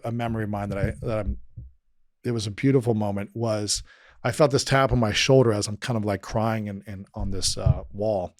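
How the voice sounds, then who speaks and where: A man's voice: medium pitch, dry recording, studio quality. Earnest man telling a painful story. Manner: earnest, emotional, often drops quiet and slows down. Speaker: podcast guest. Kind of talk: personal storytelling in conversation.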